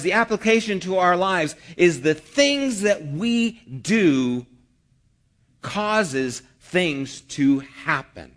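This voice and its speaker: A male pastor preaches in a relaxed, conversational sermon style. He asks rhetorical questions and slips into the voices of people he quotes. His voice sits a touch higher than most men's.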